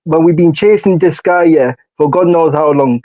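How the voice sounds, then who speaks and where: A man's voice: fairly high pitch, normal speed, warm tone, dull audio. A man co-hosting a casual football podcast who rants in slangy, repetitive bursts. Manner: ranting, repeats phrases, slangy. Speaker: podcast co-host.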